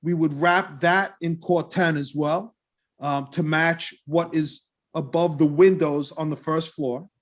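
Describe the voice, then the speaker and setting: A man with a slightly raised, higher-pitched voice lays out design changes at a public planning board meeting. He speaks earnestly and eagerly, tripping over and restarting his words as he goes. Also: fairly even intonation, takes it slowly. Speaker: applicant presenting a restaurant design.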